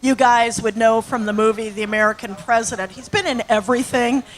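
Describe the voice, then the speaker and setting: A woman's voice: on the high side, fairly even intonation, fairly quick, low-quality recording. Chatty woman in her sixties, storytelling. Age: 60s. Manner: chatty, rambling storyteller with fillers. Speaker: actress and acting teacher. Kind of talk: anecdotal talk to an audience.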